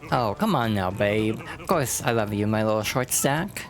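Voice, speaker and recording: A woman's voice: a bass voice, animated, normal speed, music in the background. A woman voicing a weary, henpecked young husband in a game, sweet-talking his wife. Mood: coaxing. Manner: coaxing, weary sweet talk.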